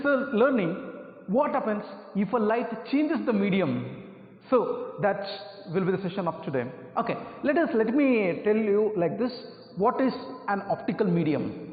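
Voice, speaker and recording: A man's voice: sits high, roomy sound, long reverb tail, phone-quality sound. A man teaching a physics lesson, repeating points and often checking with "right?" amid frequent fillers. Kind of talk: classroom lecture.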